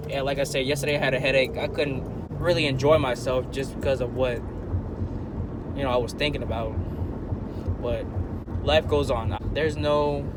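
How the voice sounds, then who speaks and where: A young man rambles to his camera in a relaxed, slangy way, still groggy from just waking up. He sounds like he is in a car or out on the street. Street noise and traffic are clearly heard behind him. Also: mid-range voice. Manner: laid-back, slangy, rambling. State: groggy morning voice. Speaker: vlogger. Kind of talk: casual vlog talk to camera. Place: in a car and outdoors in a city.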